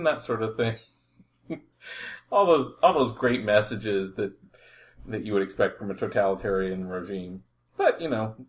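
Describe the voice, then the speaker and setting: A man acting as game master, narrating a tabletop game in a relaxed, rambling way with frequent laughs. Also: lowish voice.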